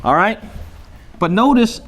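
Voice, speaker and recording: Upbeat man quizzing a class. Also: high voice. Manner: energetic, quizzing the class with call-and-response; chants short Arabic phrases slowly for students to repeat. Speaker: teacher of Quran recitation. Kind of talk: interactive classroom lesson.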